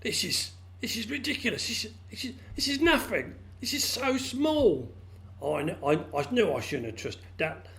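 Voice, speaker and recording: A man voicing an excitable small male frog, squeaky, stammering and indignant. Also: moderate pace, creaky, few pauses.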